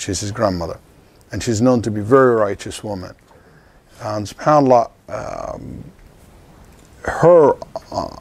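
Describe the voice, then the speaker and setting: Gravelly-voiced man teaching a religious class. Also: on the low side, darkish tone. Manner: conversational, sprinkles Arabic devotional phrases. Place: Islamic center lecture hall.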